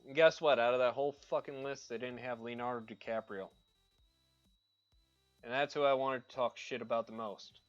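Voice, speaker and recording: A man's voice: medium pitch, steady tone, normal speed, muffled recording, soft background music. A man chatting casually while he paints on a livestream, ranting and swearing freely as he rambles from one opinion to the next.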